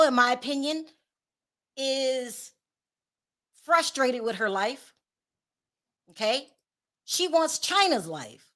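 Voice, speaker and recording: High, lively woman gossip host. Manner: opinionated, laughing often, talks to chat viewers. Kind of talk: celebrity gossip livestream commentary.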